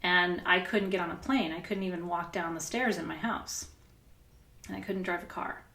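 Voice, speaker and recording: A woman's voice: lowish voice, normal speed, pushed and bright, roomy sound. A middle-aged woman coach talking candidly and animatedly, telling stories with laughter and the odd swear word. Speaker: spiritual coach. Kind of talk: casual coaching session.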